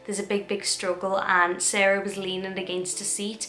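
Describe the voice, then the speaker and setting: Young woman vlogger, casual storytelling, monotone delivery, roomy echo. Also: medium pitch, moderate pace. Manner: chatty retelling with quoted dialogue and fillers. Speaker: true crime vlogger. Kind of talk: casual true crime storytelling. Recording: echoey room.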